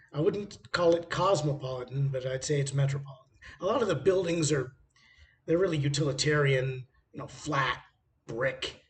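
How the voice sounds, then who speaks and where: A man vlogging casually from a hotel room by a busy street, rambling through travel anecdotes with frequent hesitations. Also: fairly high pitch.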